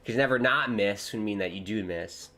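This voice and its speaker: A young man from the United States hosting a live football watchalong, chatting casually and joking, with sudden excited shouts. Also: fairly low pitch, moderate pace. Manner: rambling, jokey, breaks into excited shouts. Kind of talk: casual live commentary and chat.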